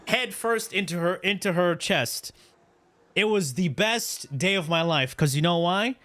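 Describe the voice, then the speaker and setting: Streamer in his thirties from Canada, fairly high and very bright voice, loose slangy storyteller who swears a lot. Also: moderate pace. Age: 30s. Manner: animated, slangy, profane, repeats "right?". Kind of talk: casual storytelling to chat.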